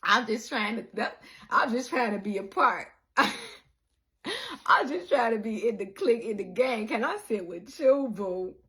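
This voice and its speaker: A woman talking casually to her followers in an animated, profane monologue, laughing often. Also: fairly high pitch, measured pace. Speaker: social media creator. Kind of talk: casual direct-to-camera monologue. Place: in Chicago.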